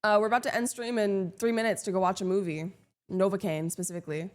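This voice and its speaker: A young woman live streaming, chatting casually with her viewers in a sarcastic, deadpan, teasing way. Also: mid-range voice, quick pace.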